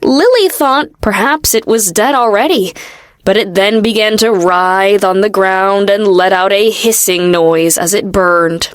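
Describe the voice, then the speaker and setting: A woman narrating a fantasy audiobook in a steady, expressive storytelling manner. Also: medium pitch, measured pace, no echo, clean studio sound. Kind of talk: scripted narration.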